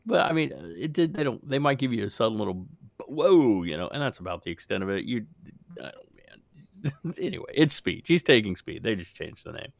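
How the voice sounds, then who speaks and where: A man's voice: lowish voice, big pitch swings, fairly quick, gravelly, no room sound. A man co-hosting a podcast, rambling in casual chat, swearing freely and laughing often. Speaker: podcast co-host.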